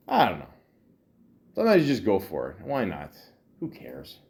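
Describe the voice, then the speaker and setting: A podcast host in his forties rambles through a casual, profane monologue full of fillers and self-deprecating asides. His mid-range voice swings hugely in pitch at a normal speed, a little mellow, with frequent pauses.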